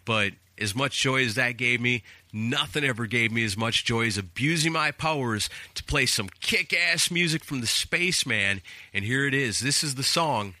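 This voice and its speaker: A man hosting a casual talk show, telling animated stories from his radio days and acting out callers and bosses. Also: mid-range voice, moderate pace, hardly any pauses. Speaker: radio host. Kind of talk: casual storytelling.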